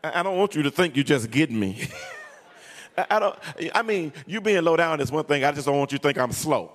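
A high-pitched male preacher delivering a lively sermon with humor and a sing-song lilt. His voice carries a long reverb, as if filling a large hall. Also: brisk.

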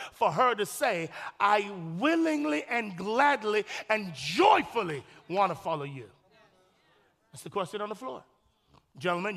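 A man's voice: high voice, a bit bright. A man preaching a sermon as pastor, emphatic and folksy, repeating his points and speaking directly to the congregation. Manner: folksy and humorous. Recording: long hall reverb.

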